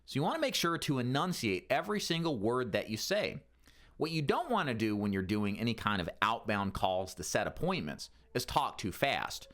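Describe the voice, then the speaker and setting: A middle-aged man delivers a sales training lesson with a coaching manner. His voice sits at a medium pitch but moves a lot, rising and falling with emphasis. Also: moderate pace. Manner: lively, coaching delivery with varied intonation. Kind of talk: instructional talk to camera.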